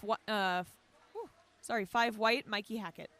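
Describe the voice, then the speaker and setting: A woman's voice: medium pitch, normal speed, a bit bright. A young woman doing live play-by-play commentary from poolside at a water polo match, chatty and self-deprecating, correcting her own slips as she goes.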